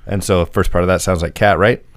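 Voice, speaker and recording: A man with a low voice co-hosts a casual podcast. He works through his notes in an easy, chatty way and laughs often. The sound is dry and close to the mic. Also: steady tone, fast, dry recording. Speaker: podcast co-host.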